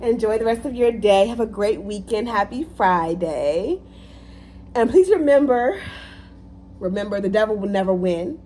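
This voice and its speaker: Woman vlogger, animated motivational talk, repeats lines for emphasis, faint hum behind. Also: medium pitch, normal speed. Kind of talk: casual motivational talk to camera.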